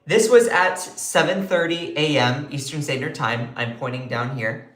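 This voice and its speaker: Low-pitched woman, excitable live news commentator, echoey room. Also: unhurried. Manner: chatty, opinionated, excitable, talks to chat. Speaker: host of a news commentary livestream.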